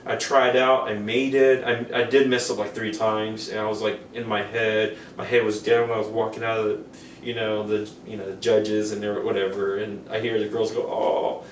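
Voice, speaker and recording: A man co-hosting a podcast, telling stories in a casual, animated way and acting out the voices of the people in them. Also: fairly low pitch, normal speed. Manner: animated, acts out quoted voices. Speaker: podcast co-host. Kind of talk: casual storytelling chat. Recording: echoey room, distant mic, faint noise.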